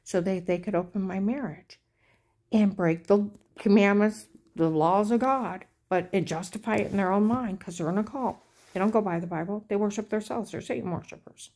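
A woman's voice: medium pitch, normal speed, dark tone. A middle-aged woman telling a rambling personal story in an aggrieved, indignant way. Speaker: vlogger.

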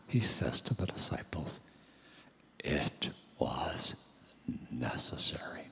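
A man preaching a sermon in a hoarse, breathy near-whisper, slow and emphatic, stretching out key words. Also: medium pitch, a bit bright. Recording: long hall reverb.

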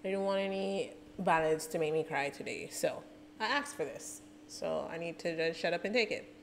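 A woman reacting out loud to music videos in a casual, excitable way, laughing and exclaiming. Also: low voice, normal speed, a little hiss or hum. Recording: clear music underneath. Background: music playing.

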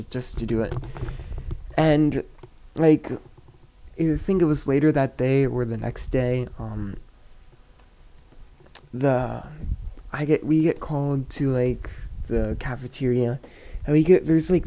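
A man's voice: medium pitch, mellow, lo-fi sound. A man telling a personal story for his channel in a rambling, profane way, with many restarts and fillers. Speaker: YouTube storyteller. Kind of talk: casual storytime vlog.

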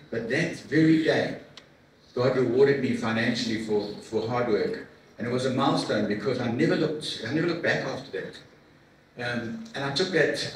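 A middle-aged man giving a heartfelt personal testimony to a men's breakfast, earnest and emotional, halting with repeats and fillers. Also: medium pitch. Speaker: guest speaker at a men's breakfast. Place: large room at a church men's event. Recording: echoey hall from far off with faint noise.

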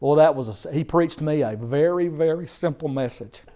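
A man's voice: on the high side, moderate pace, warm tone. A middle-aged man, preaching a sermon through an emphatic, repetitive story. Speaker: guest preacher.

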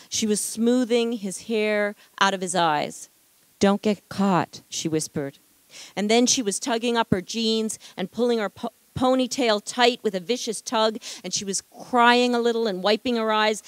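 Woman author for an expressive, measured novel reading; close dry sound. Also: a little high, no echo. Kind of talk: literary reading. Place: library atrium event.

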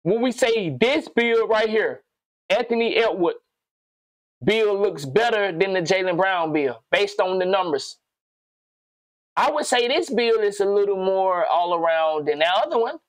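A man giving casual reaction commentary on a video, slangy and animated, rambling and swearing as he thinks aloud. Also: sits high, a little slow, no room sound.

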